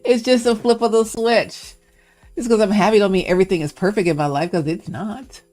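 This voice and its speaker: A woman's voice: medium pitch, fairly even intonation, fairly quick, a little mellow, soft background music. A woman hosting a casual livestream, musing playfully and shifting into encouragement, now and then acting out little character voices. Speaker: live stream host.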